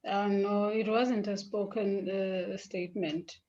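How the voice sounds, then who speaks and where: Slow hesitant woman student. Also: mid-range voice, steady tone, darkish tone, highs cut off. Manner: hesitant, giggly, many restarts. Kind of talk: class discussion answer.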